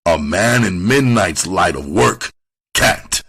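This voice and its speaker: A man voicing a calm, streetwise older male hustler in an audiobook reading, grave and lecturing, like a father giving advice. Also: deep voice, slow pace, slightly rough, heavily acted. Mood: grave, fatherly.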